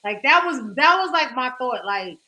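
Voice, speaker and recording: A young woman co-hosting a podcast tells a dating story in candid, profane casual chat packed with "like." Her high, sharp voice has lively intonation at a normal speed, and the recording is rough.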